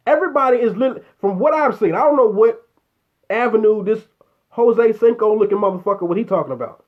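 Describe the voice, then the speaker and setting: A man's voice: sits high, expressive, brisk, narrow, tinny audio. A man hosting a casual live chat, ranting bluntly and with a lot of profanity at a viewer's comment. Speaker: show host.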